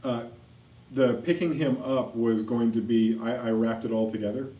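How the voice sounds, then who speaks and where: A man running a tabletop game as game master, narrating and ruling on rolls in a relaxed, wry way. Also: mid-range voice, moderate pace. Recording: roomy echo, mic at a distance, faint noise.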